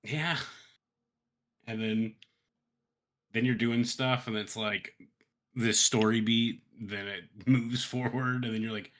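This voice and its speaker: A man co-hosting a gaming podcast, telling stories in an animated way and swearing casually. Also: mid-range voice, takes it slowly, pauses often. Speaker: podcast co-host. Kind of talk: casual chat.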